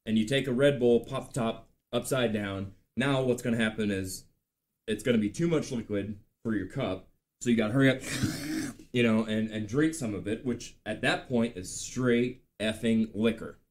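A man's voice: on the low side, normal speed. Chatty man in his late thirties. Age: late 30s. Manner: chatty, animated storytelling with filler words. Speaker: podcast host. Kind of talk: casual live-stream chat.

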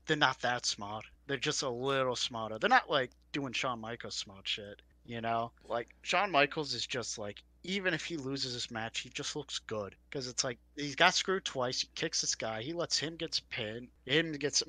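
A young man co-hosting a casual podcast, talking excitedly, laughing and swearing. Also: mid-range voice, dry recording. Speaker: podcast co-host.

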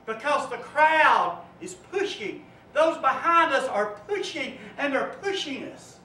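A man preacher giving a sermon, telling a vivid story that swells and drops to a hush. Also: extremely high pitch, lively intonation, slow pace. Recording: echoey room, from far off, faint noise.

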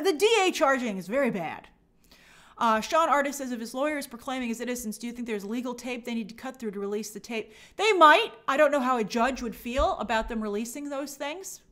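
A woman hosting a live stream, giving emphatic, animated commentary and reading viewer comments aloud. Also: fairly high pitch.

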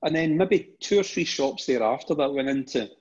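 A man's voice: a little high, expressive, fairly quick, darkish tone, slightly rough. A middle-aged Scottish man, a guest on an interview show, telling stories casually and often repeating words at the start of his phrases. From Scotland. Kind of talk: casual anecdotal storytelling. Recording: dull lo-fi recording.

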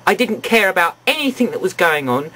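A man's voice: sits high, very animated, brisk, bright, forceful tone. A man giving a ranting, sarcastic film review in an exasperated tone.

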